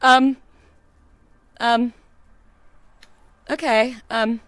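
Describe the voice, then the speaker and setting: Young woman streamer, high and bright, casual and excitable, giggly, swears. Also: very slow, no room sound. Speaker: VTuber streamer. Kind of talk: casual livestream chat. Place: VR chat session on a livestream.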